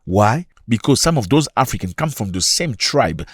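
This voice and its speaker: A man hosting opinionated commentary, talking in an animated way with rhetorical questions and sudden jumps in pitch. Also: moderate pace, husky, no echo, clean studio sound. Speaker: commentary channel host.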